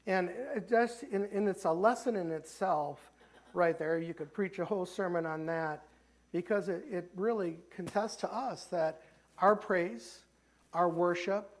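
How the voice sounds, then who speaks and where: A man with a Midwestern American accent preaching a sermon as pastor in a church sanctuary, talking conversationally with many restarts. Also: high voice. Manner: conversational preaching, frequent restarts, voices the characters he retells.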